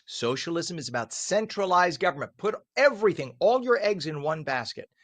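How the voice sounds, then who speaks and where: A man's voice: a little high, sing-song, normal speed, fairly bright tone, no room sound. An American man hosting a morning talk radio show, reading news and then giving his own opinionated explanations to listeners.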